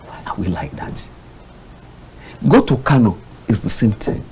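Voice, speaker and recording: A Nigerian man with a husky voice argues on a TV panel. He sounds exasperated and impassioned, and his pitch swings dramatically, shooting up high in his outbursts. The sound is a studio mic. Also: sing-song, a little slow, a little mellow, rough recording. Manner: impassioned, exasperated, jumps to sudden high bursts. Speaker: public affairs analyst. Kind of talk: heated studio panel commentary.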